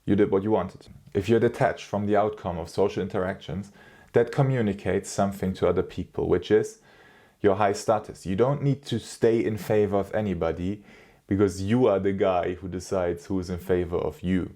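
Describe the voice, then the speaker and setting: Brief: young male advice vlogger, low and mellow, blunt and foul-mouthed. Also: fairly even intonation, normal speed. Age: young adult. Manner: blunt and profane, slangy. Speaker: dating advice youtuber. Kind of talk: casual advice monologue.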